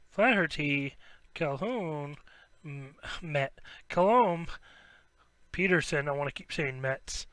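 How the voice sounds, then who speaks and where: Male card-break host, high and bright, unhurried delivery between excited outbursts over hits. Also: no echo. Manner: rattles off player names, bursts into excited shouts at big pulls. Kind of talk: live sports card break commentary.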